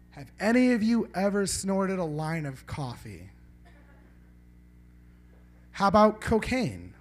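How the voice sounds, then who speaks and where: High, lively-voiced stand-up comedian. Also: male voice, breathy edge. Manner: rambling, profane, bantering with the audience. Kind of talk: live stand-up set with crowd banter. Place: small live comedy venue.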